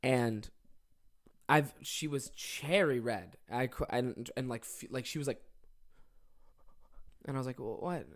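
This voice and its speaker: A young adult podcast host, telling stories in a casual, animated way, swearing freely and acting out the people in them. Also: mid-range voice, unhurried, pauses often. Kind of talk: casual comedic storytelling.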